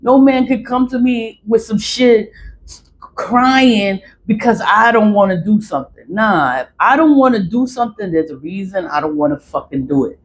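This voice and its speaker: A woman telling a personal story in a casual vlog, blunt and profane, repeating herself for emphasis. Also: fairly low pitch. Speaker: vlogger.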